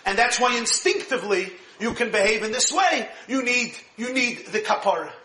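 A man with a notably high, bright voice teaches a Torah lecture. He talks in an animated, emphatic way and laughs often as he explains. The room around him sounds echoey. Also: normal speed. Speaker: rabbi teaching Torah class.

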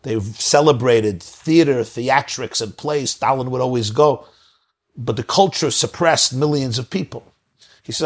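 A male preacher telling a moral story in a sermon. He speaks earnestly and pauses for drama. His voice is husky at a middle pitch.

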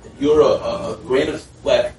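A man in the class asking a question in a halting way, searching for his words. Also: mid-range voice, fairly even intonation, a little mellow, a little hiss or hum. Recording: distant voice in a roomy space with faint ambience.

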